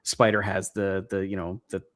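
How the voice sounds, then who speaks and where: A man's voice: sits low, flat delivery, normal speed, a bit bright. A man co-hosting a podcast in casual chat, hesitant, with many fillers, often trailing off. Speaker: podcast co-host.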